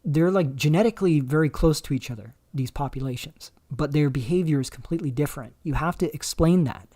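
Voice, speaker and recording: A man hosting a livestream, talking in a rambling, halting way with many fillers and restarts. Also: a little high, warm tone, dry recording. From Canada. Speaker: livestream host. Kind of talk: casual livestream commentary.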